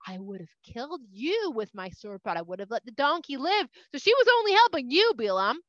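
A woman's voice: high-pitched, sing-song, brisk, fairly bright tone, dry recording. A woman voicing a stern, scolding angel with a sword, in a dull, dry recording. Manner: scolding, casual.

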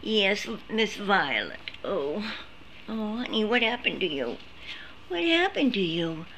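Slow, bright-voiced woman cooing at puppies. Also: medium pitch, very animated, a little hiss or hum. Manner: coos in baby talk to puppies. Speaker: service dog puppy caretaker streaming a litter. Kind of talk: casual live stream chat. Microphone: phone.

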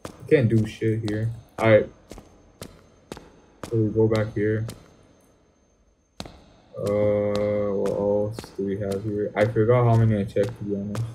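A man's voice: on the low side, monotone, normal speed, warm tone, slight background noise. A young man, commenting jokingly on a horror game as he plays and talking back to its characters. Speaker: gaming YouTuber.

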